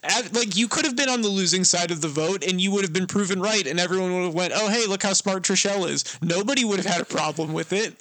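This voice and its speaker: A man's voice: sits high, quick pace, hardly any pauses, pushed and bright, no echo. A male podcast co-host in casual chat, blunt and opinionated, saying 'like' often as he recaps a reality show.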